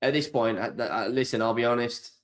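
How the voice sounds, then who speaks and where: A man's voice: medium pitch, fairly quick. A man hosting a live football watchalong stream, ranting in exasperation and swearing freely.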